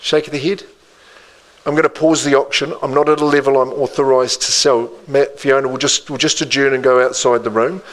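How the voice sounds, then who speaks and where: A New auctioneer calling bids live in an indoor room. He keeps up a rhythmic patter at a mid-range pitch, repeating the figures over and over and dropping in quick friendly asides. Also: steady tone, fairly bright tone, rough recording.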